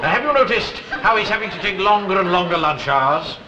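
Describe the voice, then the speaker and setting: An actor playing a pompous, fussy, self-important office clerk in a 1960s British sitcom. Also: male voice, high-pitched, lively intonation, fairly quick, reverberant, lo-fi sound, very noisy. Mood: smarmy. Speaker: Mister Swindley, office underling.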